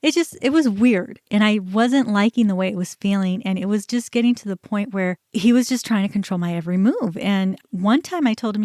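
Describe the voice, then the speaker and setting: A woman's voice: mid-range voice, a little fast, hardly any pauses, no room sound, studio quality. A woman hosting a podcast, telling a personal story in a candid, conversational way. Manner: candid, conversational, animated when recounting. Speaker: podcast host.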